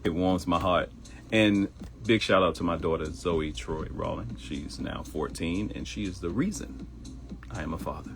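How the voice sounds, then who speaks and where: A middle-aged man from Baltimore hosting a live stream, animated and chatty, greeting viewers by name and joking. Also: low-pitched, moderate pace, creaky, over music. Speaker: live show host. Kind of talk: live-stream casual chat.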